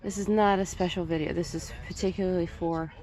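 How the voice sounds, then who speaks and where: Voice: mid-range voice, fairly even intonation, brisk, darkish tone. A flustered vlogger rambling in a casual monologue at home, often stopping mid-sentence and laughing at their own jokes. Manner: flustered, rambling, self-interrupting. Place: at home, just woke up. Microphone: recording only audio, no video.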